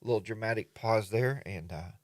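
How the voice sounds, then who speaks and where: A man's voice: fairly low pitch, fairly quick, darkish tone, dry recording. A man hosting a casual morning livestream from his home studio, greeting viewers by name and rambling along with plenty of fillers. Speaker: livestream host.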